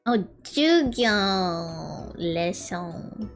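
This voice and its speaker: A woman's voice: on the low side, lively intonation, extremely slow, soft background music. A young adult woman streamer telling rambling, self-mocking stories in casual chat while she draws.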